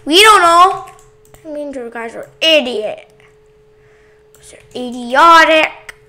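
High-voiced woman with a gravelly edge, unhurried and goofy, for playful gameplay role-play. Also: lively intonation, bright, forceful tone. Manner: playful, goofy, jumps between put-on voices. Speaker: gamer. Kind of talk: silly game role-play commentary.

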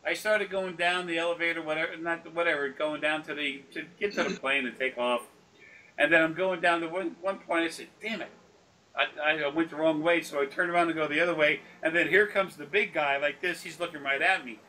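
This man's fairly high voice keeps a steady tone, bright and forceful, at a fairly quick pace. He's casually telling rambling, profane anecdotes on a recorded consultation, laughing often and acting out those he quotes. A distant mic captures him amid faint background noise.

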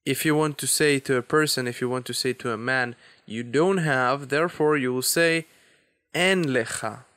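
A man giving a beginner language lesson, explaining grammar slowly and deliberately with example phrases. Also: medium pitch, a bit bright. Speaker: Hebrew teacher.

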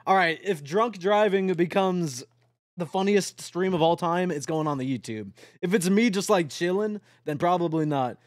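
Young male streamer, high-pitched, dry close mic, rambling and profane, excitable late-night chatter. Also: moderate pace, dry recording. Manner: rambling, excitable, swears a lot.

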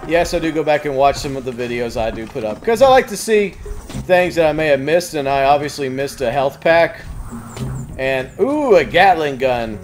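High-voiced man swearing over gameplay. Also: animated, moderate pace. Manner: loud, swearing, trash-talking enemies. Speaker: let's play gamer. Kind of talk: profane gameplay commentary. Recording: game music behind.

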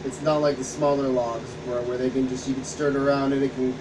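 With a medium-pitched voice and flat delivery, the man talks quickly while co-hosting a gaming channel's stream. He chats casually over gameplay, telling rambling stories laced with profanity. Background hum and a distant mic color the audio.

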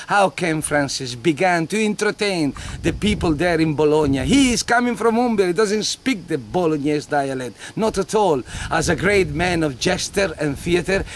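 A man introducing a story on stage in an expressive, emphatic way. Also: sits high. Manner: expressive, emphatic, dramatic pauses. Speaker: stage performer. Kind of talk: theatrical storytelling.

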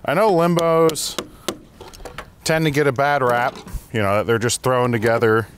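A man's voice: medium pitch, fairly even intonation, unhurried, background noise. A man hosting a casual garage vlog, chatting and laughing as he works on a car. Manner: chatty, amused, laughs while working. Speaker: garage host.

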